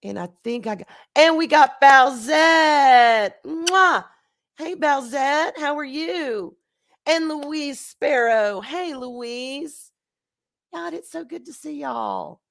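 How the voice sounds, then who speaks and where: A woman hosting a casual livestream, hoarse and congested from a recent flu, chatty and laughing as she greets her chat. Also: high-pitched, lively intonation, takes it slowly. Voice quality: nasal, congested. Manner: chatty, laughing, swings between loud bursts and quiet asides. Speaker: livestream host. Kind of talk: casual chat reading live chat.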